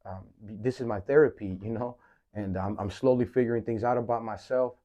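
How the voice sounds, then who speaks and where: A man hosting a podcast, speaking candidly in a halting personal monologue, often repeating words and saying "man". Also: fairly low pitch, fairly even intonation, warm tone. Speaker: podcast host.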